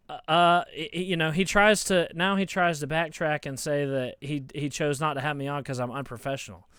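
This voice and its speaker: A heated man rants into his phone as a football fan YouTuber, mocking his rival and tripping over his words as he restarts sentences. His voice is smooth and resonant. The sound is dry and close, with no room around it. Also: fairly high pitch, fairly even intonation, fairly quick, hardly any pauses, fairly bright tone, no echo. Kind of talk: casual ranting vlog.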